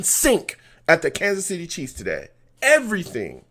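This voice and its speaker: A man's voice: on the high side, normal speed. A man hosting a live fan reaction stream for a football game, reading chat comments aloud and ranting heatedly about play calls. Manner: animated, heated rants at the team.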